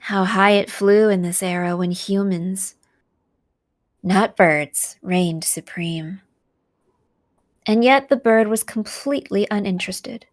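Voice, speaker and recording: A woman narrating a visual novel aloud in a slow, soft storytelling manner. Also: mid-range voice.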